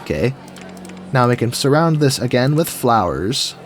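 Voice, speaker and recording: A man's voice: mid-range voice, sing-song, moderate pace, faint music behind. A man giving casual, goofy commentary while building in a game, chatting to himself as he goes. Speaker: gaming video creator. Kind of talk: casual let's-play commentary.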